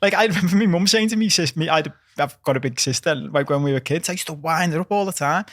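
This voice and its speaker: A man chatting quickly and telling stories on a football podcast. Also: on the high side, fairly bright tone, no echo, studio quality. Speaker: podcast co-host. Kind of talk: casual chat.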